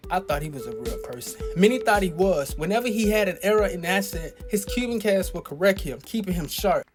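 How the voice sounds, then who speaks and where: A man's voice: sits high, expressive, a little fast. A man narrating a tribute video in an earnest, admiring scripted way. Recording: narration over loud music.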